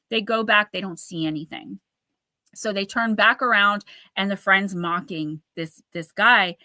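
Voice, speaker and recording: A woman hosting a live chat show, retelling a ghost story in a lively, animated way and acting out the quoted voices. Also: medium pitch, normal speed, no echo, clean studio sound. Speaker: host.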